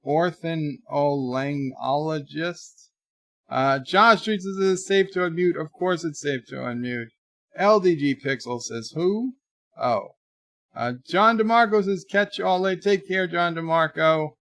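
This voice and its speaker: A man's voice: fairly high pitch, a little slow, no room sound, clean studio sound. A man hosting a live stream, reading viewers' chat messages aloud in a rambling, chatty way. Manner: chatty, rambling, trails off quietly.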